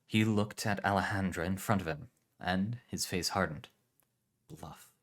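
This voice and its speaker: Calm man reading a story aloud. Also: low-pitched, unhurried. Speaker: narrator.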